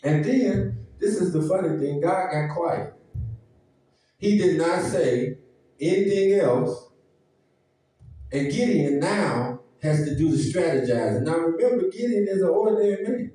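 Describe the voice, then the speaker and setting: A man's voice: a little high, lively intonation, unhurried, long pauses, warm tone. A man preaching a sermon in a folksy, conversational way, with his congregation answering amen in a church. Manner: folksy, conversational preaching with dialect and call-and-response. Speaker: pastor. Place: church sanctuary. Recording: echoey church hall, mic at a distance.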